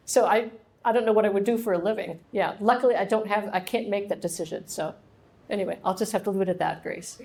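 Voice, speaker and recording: Her mid-range voice has a darkish tone. This middle-aged Ohio author chats casually at her book launch, fielding questions with laughter and small acted-out exchanges.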